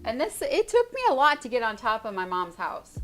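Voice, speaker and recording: Chatty woman co-host, rambling storyteller, soft music underneath. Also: fairly high pitch, big pitch swings, a little fast. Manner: rambling storyteller, many fillers. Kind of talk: casual livestream chat.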